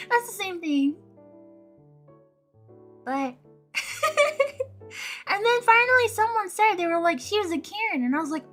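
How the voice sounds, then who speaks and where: A woman's voice: very high voice, slow, pauses often, soft background music. A young woman chatting casually as a streamer, telling a story with lots of laughter and acted-out quotes. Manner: animated, laughs often, acts out quotes.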